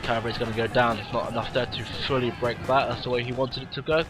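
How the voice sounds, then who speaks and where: A man giving tired, rambling commentary over a strategy game replay. He talks bluntly and swears casually, at a middling pitch. Faint music runs underneath. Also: little pitch movement, quick pace. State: tired, yawning.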